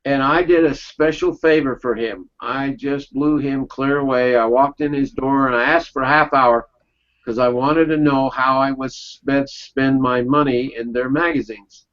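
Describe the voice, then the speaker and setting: A man of ordinary pitch leads a relaxed round-table discussion, spinning folksy anecdotes and pausing to check in with the room. His voice comes through a dull, lo-fi recording that takes the shine off the highs. The talk is casual and unscripted. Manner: folksy storytelling, checks in with "okay?". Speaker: webinar presenter.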